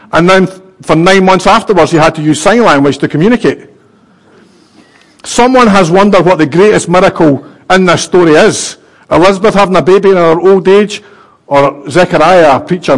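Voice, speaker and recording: Preacher, male, high voice, storytelling sermon with dry humour. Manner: storytelling with emphatic pauses and light humour.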